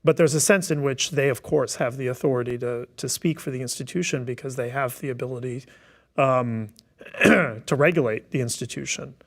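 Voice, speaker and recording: A man's voice: mid-range voice, moderate pace, creaky. Thoughtful man, full of fillers. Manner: thoughtful, many fillers and restarts. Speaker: task force member. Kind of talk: webinar discussion. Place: online webinar.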